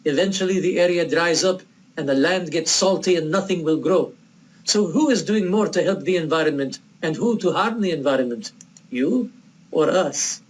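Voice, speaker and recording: Guy doing a bedouin old man w/ a put-on arabic accent, earnest and pointed, a bit higher, a bit distant. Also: normal speed, slight background noise, close to an everyday voice. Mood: lecturing. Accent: put-on Arabic accent, old film style. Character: proud elder Bedouin man, lecturing a guest.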